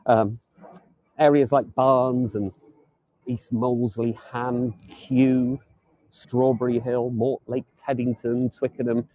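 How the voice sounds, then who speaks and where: A man's voice: medium pitch, level tone, takes it slowly, dry recording, phone-quality sound. A man giving a live walking tour outdoors, chatting and joking lightly as he strolls the streets. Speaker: tour guide.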